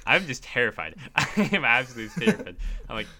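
A man's voice: medium pitch, sing-song, fast, pushed and bright. A young man co-hosting a podcast, telling a story in casual chat, acting out quotes with a laugh. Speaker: podcast co-host.

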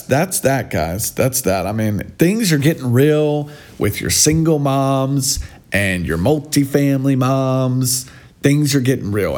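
A man's voice: medium pitch, a little mellow. A man vlogging sarcastic, mocking commentary on posts he reads aloud.

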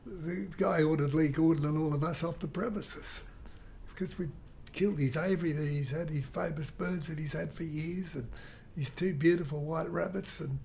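Gravelly older man reminiscing. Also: fairly high pitch, moderate pace, slight background noise. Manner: rambling, animated storyteller who mimics guitar sounds. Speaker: interviewee. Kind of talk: reminiscing anecdote.

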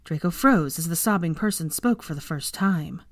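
A woman reading fan fiction aloud as an audiobook narrator, in a measured, even storytelling voice. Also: on the low side, no echo, clean studio sound.

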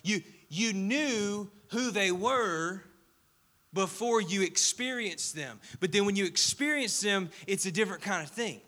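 Young man, pastor, sermon, animated storytelling, high-pitched. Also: measured pace. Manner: animated, storytelling with audience questions.

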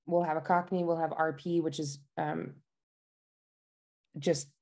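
A woman working as a dialect coach, chatting casually in an interview, bubbly and quick to laugh. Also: deep voice, fairly even intonation, a little mellow. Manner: bubbly, laughs often, enthusiastic about food. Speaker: dialect coach at a themed park. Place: Utah.

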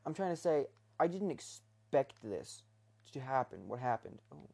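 A man's voice: medium pitch, sing-song, unhurried, vocal fry, dark tone, husky. A young man rambling casually in his bedroom, talking hesitantly with many restarts and fillers. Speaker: vlogger.

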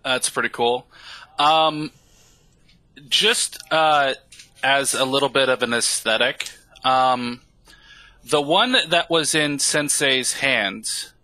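A man describes his character's moves at a tabletop game, slow and relaxed, thinking aloud as he goes. His voice is very bright and sharp, recorded dry and close. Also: medium pitch, dry recording. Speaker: player. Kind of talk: casual tabletop game play.

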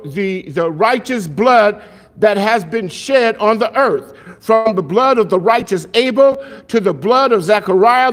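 High-voiced man preaching with animated fervor. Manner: animated preaching, asks rhetorical questions and answers them; jokes and laughs between points. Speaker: pastor. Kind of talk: sermon.

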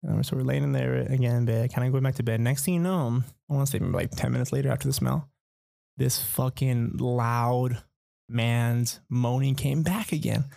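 Gravelly young man telling a rambling story. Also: mid-range voice, moderate pace, dark tone, dry recording. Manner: rambling, profane, lots of fillers. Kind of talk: casual storytelling.

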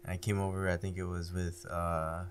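Man, podcast co-host, low voice, laid-back, faint hum behind. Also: level tone, normal speed. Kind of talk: casual chat. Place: indoor podcast room.

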